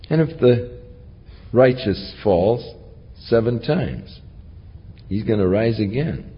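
Slow husky-voiced preacher in a reverberant hall. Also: male voice. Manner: slow, earnest Bible teaching with lively rises in pitch. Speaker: pastor. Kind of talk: sermon. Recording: lo-fi recording with long hall reverb.

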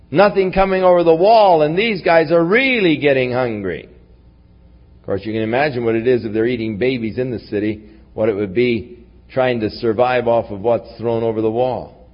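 A man preaching to a congregation, his voice rising on stressed points and dropping low and soft on asides. He is recorded with a dull, muffled sound. A long reverb fills the large hall around him. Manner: preaching with wide swings from raised emphasis to low, quiet asides. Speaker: pastor. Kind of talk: sermon.

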